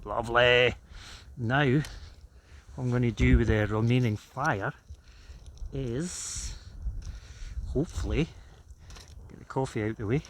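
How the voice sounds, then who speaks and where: A Scottish man talks leisurely to his camera from a freezing, windswept hilltop, chatty and relishing every small comfort. His pace is slow and easy, his pitch sits in the middle, and faint outdoor noise runs underneath. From Scotland. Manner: relaxed, chatty, savoring each moment. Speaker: outdoor vlogger. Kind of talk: casual outdoor vlog narration.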